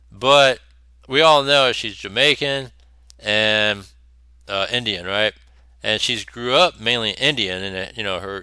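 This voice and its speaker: A man's voice: medium pitch, sharp tone, clear, resonant tone, dry recording. A man hosting a commentary show, talking bluntly and profanely with scornful laughs between points. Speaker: host. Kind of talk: opinionated commentary over clips.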